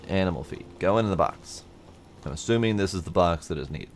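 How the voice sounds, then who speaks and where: A man with a deep, low-pitched voice talks through a video game as he plays, musing aloud in an easygoing way and letting a mild curse slip now and then. A faint hiss sits under his voice. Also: animated, quick pace. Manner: thinking aloud, casual, mild swearing. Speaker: gameplay commentator. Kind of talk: let's play commentary.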